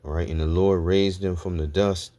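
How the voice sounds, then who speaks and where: Male preacher, very low voice, reads scripture and tags nearly every point with "all right?". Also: steady tone, moderate pace, dark tone. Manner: reads scripture aloud, peppers talk with "all right?" and "okay?". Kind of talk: scripture teaching sermon.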